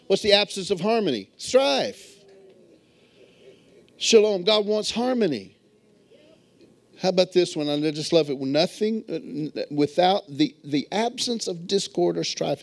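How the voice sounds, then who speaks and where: High and gravelly, this man's voice carries a bishop's sermon through a church sanctuary. He moved to Texas as an adult, and he tells stories while urging his congregation to talk back.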